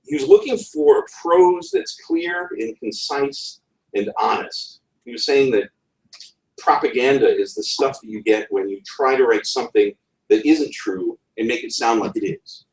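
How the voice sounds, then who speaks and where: A man with a New England accent gives a conference talk on writing, and his pitch swings up and down with lively energy. He wanders off on wry asides and restarts his phrases. He sounds distant from the mic, with the echo of a roomy session room around him. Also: moderate pace. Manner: digressive, wry, with frequent ums and restarts. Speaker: conference speaker.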